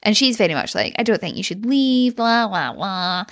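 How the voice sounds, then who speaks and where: A woman's voice: medium pitch, big pitch swings, moderate pace, a bit bright, no room sound, clean studio sound. Blunt Glaswegian woman, indignant chat. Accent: Scottish, Glaswegian. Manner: blunt, indignant, uses local slang. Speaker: podcast co-host. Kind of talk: casual chat recapping a TV episode.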